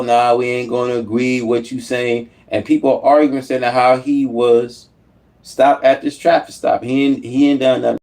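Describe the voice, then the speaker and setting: A man speaks in a heated, profane rush, circling back over the same phrases as he vents to his online audience. His voice sits at an ordinary male pitch. It is plain commentary, not a performance. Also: warm tone. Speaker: YouTube commentator. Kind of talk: angry political rant.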